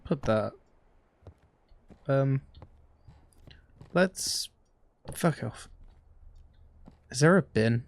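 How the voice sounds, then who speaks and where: A man giving casual commentary on a horror game, excitable and swearing freely. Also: mid-range voice, extremely slow, pauses often. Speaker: gaming youtuber.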